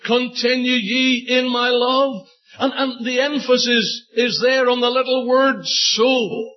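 A man preaching a sermon with fervent repetition, drawing out his words and rising to loud emphatic bursts. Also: extremely high pitch, fairly even intonation, dull audio. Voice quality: fervent, repeats scripture lines for emphasis. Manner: slow, drawn-out preaching with sudden loud emphatic rises.

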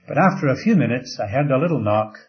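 An older man preaching a sermon, telling stories slowly and dramatically, dropping to a soft hush at times. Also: medium pitch, expressive. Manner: slow, dramatic storytelling with soft drops to a hush. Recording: slightly dull lo-fi recording.

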